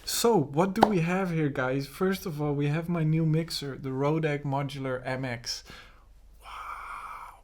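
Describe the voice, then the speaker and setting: A man's voice: a little high, normal speed, few pauses, very noisy. A man hosting a casual music vlog from his home studio, talking in a laid-back, rambling way with plenty of fillers. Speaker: music producer and host.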